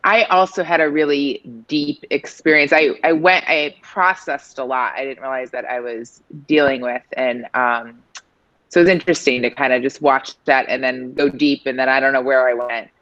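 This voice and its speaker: A woman reflecting calmly on a deep meditation experience over a video call. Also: normal speed, no room sound. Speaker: meditation student. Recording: dull, dry lo-fi audio.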